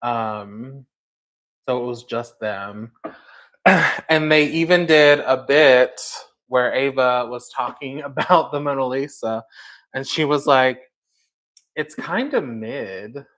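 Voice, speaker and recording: Male livestream host, unhurried and chatty, rambling with lots of fillers, speaking to a viewer in chat. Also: mid-range voice, fairly bright tone.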